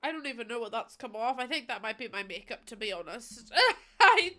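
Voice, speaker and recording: A young woman streaming to her chat, talking casually while in pain after surgery, apologetic and emotional, pausing to breathe through it. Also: on the high side, expressive, sharp tone. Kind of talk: casual chat to a livestream audience.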